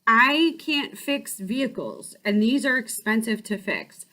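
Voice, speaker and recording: A woman who runs a life-coaching channel tells a personal story in a slightly high voice. She's casual and animated, often restarting her sentences quickly.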